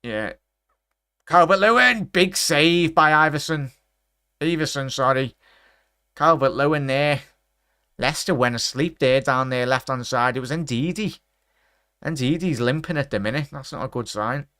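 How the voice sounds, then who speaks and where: A young Englishman hosts a football watchalong, giving loose live-stream chat and match commentary to his viewers and calling everyone mate. His middle-pitched voice is smooth and a bit bright at a moderate pace. The recording is close and dry, with no room around it.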